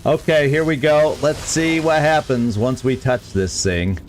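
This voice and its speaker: A man's voice: medium pitch, unhurried, slight background noise. Man chatting through a game stream. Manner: chatty, self-correcting, stumbles over words. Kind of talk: let's play commentary.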